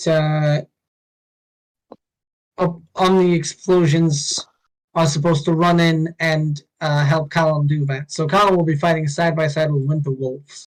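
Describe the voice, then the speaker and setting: A man narrating as dungeon master in a tabletop game, pausing often with ums and uhs. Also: on the high side, rough recording. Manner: unhurried, halting, with many ums.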